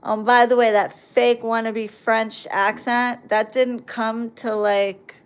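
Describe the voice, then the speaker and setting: A woman's voice: a little high, flat delivery, slow, clear, resonant tone. A woman hosting a live stream, talking to her viewers in a sarcastic, ranting, mocking monologue.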